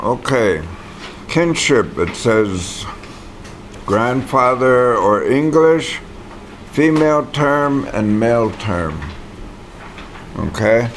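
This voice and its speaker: Slow, gravelly male language teacher. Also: medium pitch, a little hiss or hum. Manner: patient, models words for the class to repeat. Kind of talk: classroom teaching. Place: classroom.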